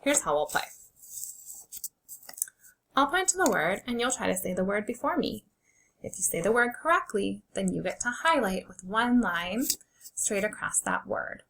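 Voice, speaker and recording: A woman teacher leading an early reading lesson for children, sounding out words slowly and clearly and encouraging them as friends. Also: medium pitch, sing-song, fairly bright tone, low-quality recording.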